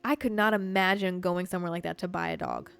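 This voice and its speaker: Animated swearing woman podcast host. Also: fairly low pitch, fast talker, gravelly, clean tone, soft background music. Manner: animated, swears often, heavy "like" filler. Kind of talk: casual storytelling chat.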